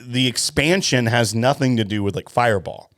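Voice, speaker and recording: A man's voice: mid-range voice, moderate pace, a bit bright, dry recording. A man co-hosting a casual whiskey podcast, opinionated and joking, with many restarts, on a close studio mic. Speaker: podcast co-host.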